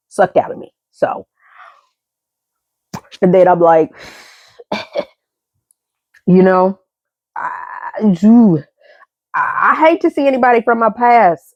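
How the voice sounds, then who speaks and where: A young adult woman vlogging, telling her story in a rambling, emotional way, repeating words and swinging from high excited tones to low subdued ones. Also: no room sound, muffled recording. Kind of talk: candid storytelling monologue.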